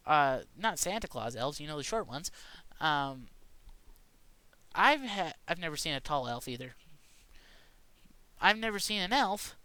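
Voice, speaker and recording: Bright, crisp-voiced man ranting. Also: fairly high pitch, no room sound. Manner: rambling mock-conspiracy rant, many restarts. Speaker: vlogger. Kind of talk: casual joking monologue.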